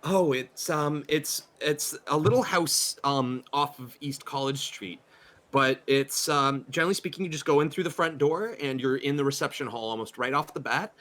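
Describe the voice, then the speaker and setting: An excitable churchgoing woman, as a man puts her on during a tabletop game, gushes in a breathless, halting rush. The voice sits a little higher and brighter than a plain male speaking voice. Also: lightly acted. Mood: effusive. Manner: breathless, effusive, hesitant with many fillers. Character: gushing, excitable female churchgoer friend.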